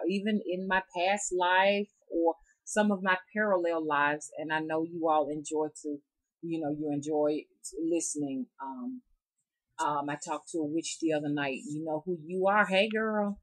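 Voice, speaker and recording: Low-pitched Southern woman with a drawl; casual, meandering vlog storyteller. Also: fairly even intonation, measured pace, low-quality recording. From Southern United States. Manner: rambling, chatty, talks straight to her audience. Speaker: rootworker storyteller.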